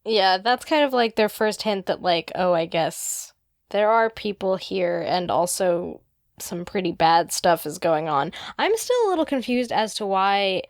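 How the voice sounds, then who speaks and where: A woman's voice: mid-range voice, lively intonation, a little slow, dry recording, studio quality. A young woman co-hosting a podcast, chatting casually about a book and hedging with many fillers. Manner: hesitant, many filler likes. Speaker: podcast co-host. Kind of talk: casual book discussion chat.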